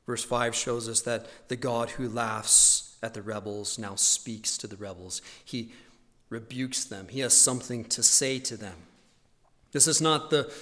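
A male pastor preaching a sermon earnestly, rising loud on key points and dropping low and quiet, in a church sanctuary. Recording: long hall reverb.

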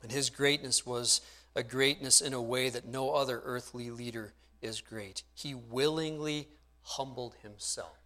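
A man's voice: mid-range voice, steady tone, unhurried, pushed and bright. A man in his thirties preaching a sermon, earnest and conversational, often asking his listeners rhetorical questions. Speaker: pastor.

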